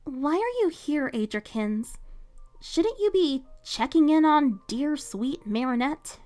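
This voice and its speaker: A woman's voice: fairly high pitch, expressive, unhurried, faint music behind. A woman voicing a haughty, spoiled teenage girl who talks in a snippy, vain way. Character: haughty spoiled teen girl, bratty and proud.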